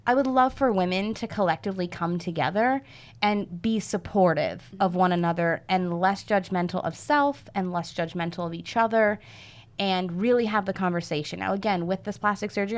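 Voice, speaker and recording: A woman's voice: medium pitch, fairly quick. A woman in her thirties, a guest coach on a podcast, talking casually and acting out what others said. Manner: lively storyteller who acts out what others said.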